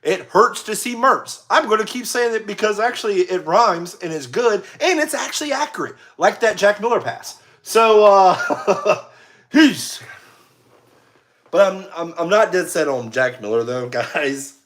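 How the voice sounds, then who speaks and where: A young American man giving casual play-by-play commentary, excitable, shouting on big plays and laughing at his own slips. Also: high voice, unhurried. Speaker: amateur sports commentator.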